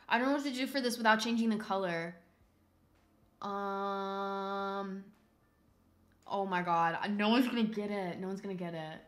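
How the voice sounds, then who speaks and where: A woman streaming a drawing game, chatting casually and excitably, rambling with lots of "like" and loud exclamations. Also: medium pitch, a little slow, long pauses. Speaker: livestreamer. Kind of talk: casual livestream chat while drawing. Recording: roomy echo.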